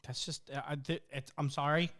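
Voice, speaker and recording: A man's voice: a little high, steady tone, normal speed, fairly bright tone. A young man in casual podcast chat, ranting emphatically and swearing freely. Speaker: podcast co-host.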